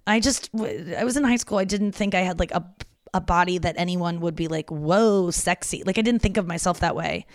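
Young woman rambling on her podcast, lots of likes, lower voice, super dry close mic. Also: dry recording. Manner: chatty and confessional, lots of "like" fillers. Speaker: podcast host. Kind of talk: casual solo podcast chat. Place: her parents' house.

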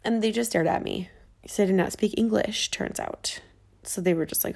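Casual female vlogger with a gravelly voice, chatty and eager, talking from a rented flat. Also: medium pitch, normal speed. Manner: chatty and excitable, lots of fillers. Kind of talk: casual travel chat. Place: rented apartment in a big city.

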